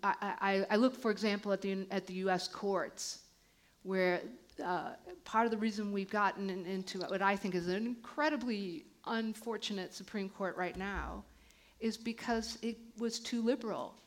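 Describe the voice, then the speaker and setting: A woman's voice: medium pitch, steady tone, normal speed. Earnest American woman on a debate panel. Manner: earnest, repeats words as she starts. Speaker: panelist, international law scholar.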